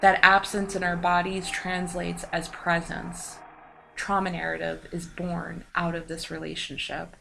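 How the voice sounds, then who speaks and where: A woman giving a slow, solemn scripted voice-over narration for a documentary. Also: lowish voice, monotone, creaky, bright, forceful tone, a little hiss or hum. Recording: voice-over with music behind.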